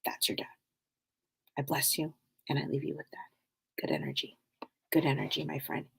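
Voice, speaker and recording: A middle-aged woman hosting a spiritual talk show, speaking in a meandering, casual way full of fillers, often sinking to a soft hush. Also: deep voice, very animated, moderate pace, gravelly, husky.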